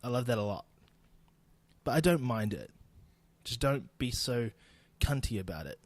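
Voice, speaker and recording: Young New Zealand man, blunt and profane podcast host, even mid pitch, dead-dry close sound. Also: moderate pace, no echo. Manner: blunt, sweary, laughing asides. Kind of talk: solo podcast rant. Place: home recording in Austin.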